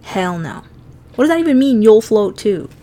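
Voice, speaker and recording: A woman's voice: medium pitch, very animated, moderate pace, warm tone. A woman streaming herself drawing, chatting casually, laughing often and swearing freely as she teases herself. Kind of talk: casual chat while drawing.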